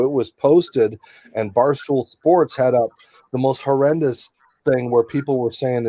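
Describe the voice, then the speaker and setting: A man's voice: mid-range voice, dark tone, no echo. A middle-aged man, a sports reporter guest, telling rambling stories in a casual interview. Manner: chatty, rambling, many asides.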